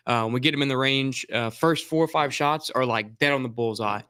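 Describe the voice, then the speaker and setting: A man's voice: mid-range voice, a little fast, pushed and bright, clean tone, no room sound. A man who teaches new shooters, chatting casually about his drills with lots of fillers and restarts. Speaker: firearms instructor. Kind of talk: casual explanatory chat.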